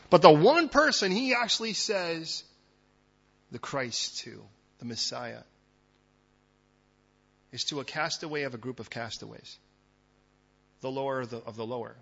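A man preaching a sermon as a pastor, dramatic, swinging from loud emphatic lines to hushed ones. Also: medium pitch, expressive, moderate pace, gravelly, pauses often, husky, lo-fi sound.

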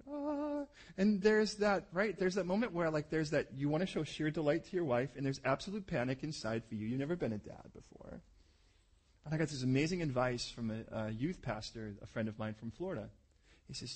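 Male pastor, sermon, husky voice, slightly high pitch, animated storytelling. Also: fairly quick. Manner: animated storytelling, acts out voices, drops soft for tender moments.

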